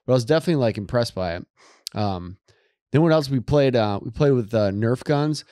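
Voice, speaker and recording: A man co-hosting a casual podcast, excitable and halting with many fillers. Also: mid-range voice, no room sound, studio quality. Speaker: podcast co-host. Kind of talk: casual chat.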